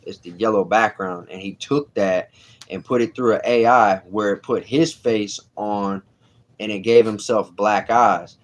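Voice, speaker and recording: A man's voice: fairly low pitch, fairly even intonation, measured pace. A man hosting a casual livestream, talking bluntly in street slang and answering chat. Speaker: livestream host.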